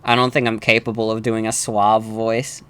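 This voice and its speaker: A man's voice: lowish voice, level tone, normal speed, fairly bright tone, clean tone. A man giving casual, joking, self-deprecating commentary while streaming a game. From New York.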